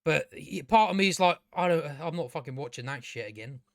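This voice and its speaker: A man's voice: a little high, animated, a little fast, vocal fry, no echo. Exasperated swearing man, close dry mic. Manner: sarcastic, exasperated, swears a lot; mocking impressions of characters. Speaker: show reviewer. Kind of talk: casual profane rant.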